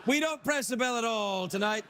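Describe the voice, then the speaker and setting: A man's voice: normal speed, bright, forceful tone. A man voicing a hyperactive, scatterbrained male puppet host with a put-on Scottish accent, doing late-night comedy. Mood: giddy. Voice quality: high, giddy, arm-waving, scatterbrained. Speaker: talk show host.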